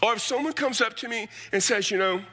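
A man's voice: high-pitched, quick pace. A middle-aged man preaching a sermon as pastor, telling stories with casual asides. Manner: animated storytelling with casual asides.

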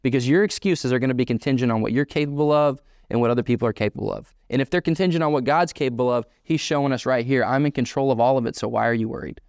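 A man's voice: mid-range voice, quick pace, hardly any pauses, darkish tone, clean tone, no echo. A man preaching a sermon as pastor, emphatic and repetitive, pressing his points home again and again.

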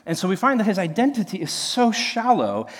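A man's voice: high voice, big pitch swings, brisk, in a large hall. A young man from Nebraska, a pastor, telling a story in a sermon, chatty, with many fillers and restarts. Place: church.

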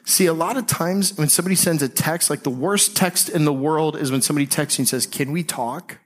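A man preaching a sermon as pastor, speaking conversationally and slowing and softening on key phrases. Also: a little high.

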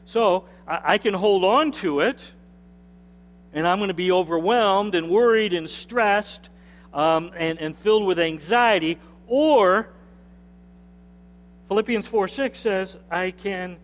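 A man's voice: sits high, takes it slowly. A man preaching a sermon as pastor in a conversational way, repeating phrases and asking the congregation to answer back. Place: church sanctuary with a screen. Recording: long hall reverb from a sanctuary.

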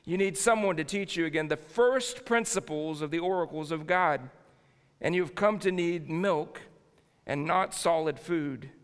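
A man's voice: a little high, measured pace, clean tone. Man, pastor, casual joking sermon, keeps restarting phrases, long church-hall reverb. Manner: folksy and jokey, with frequent restarts. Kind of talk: conversational sermon. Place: church sanctuary.

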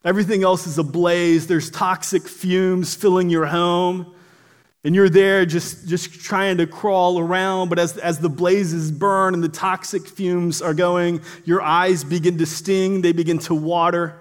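High-voiced earnest male preacher. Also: level tone, a little slow. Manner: earnest, often stumbles and repeats words at phrase starts. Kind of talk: sermon.

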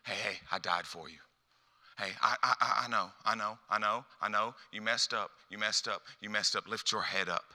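A man doing a softly comforting God. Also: lowish voice, fairly even intonation, normal speed, big-room sound. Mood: tender. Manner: soft, hushed and reassuring. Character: tender consoling male God, gently comforting.

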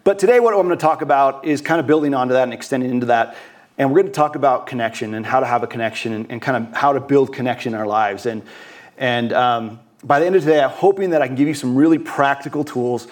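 A man's voice: mid-range voice, fast talker. Earnest man preaching a sermon. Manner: earnest, repeats words and restarts often; acts out quoted voices briefly. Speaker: guest preacher.

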